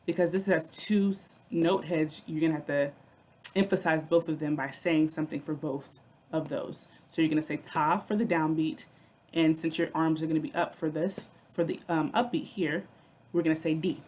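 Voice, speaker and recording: A woman's voice: low-pitched, fairly even intonation, moderate pace, darkish tone. A woman music teacher explaining rhythm syllables in a recorded lesson, patient and step by step, checking in with "okay".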